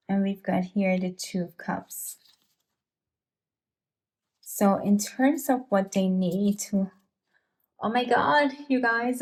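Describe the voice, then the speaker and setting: A woman giving an emotional pick-a-card tarot reading, sighing and halting with many restarts as she speaks to her viewers. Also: medium pitch, a little mellow. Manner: speaks directly to viewers, calling them you guys. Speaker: tarot reader.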